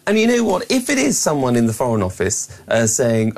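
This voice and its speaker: Man, radio studio guest, mid-pitched voice, measured and agreeable, some hesitant restarts. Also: sing-song, gravelly, a little mellow. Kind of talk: conversational political commentary.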